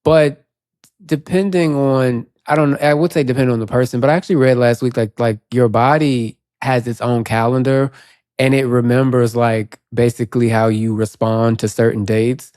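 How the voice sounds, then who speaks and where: A man co-hosting a podcast, telling stories in a chatty, animated way. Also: mid-range voice, normal speed, no echo, clean studio sound. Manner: chatty, animated storytelling with quoted asides. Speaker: podcast co-host. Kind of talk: casual chat.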